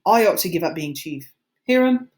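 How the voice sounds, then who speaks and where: A woman's voice: on the low side, expressive, moderate pace, darkish tone, voice pushed up, natural voice. A woman doing a cautious, earnest boy leader.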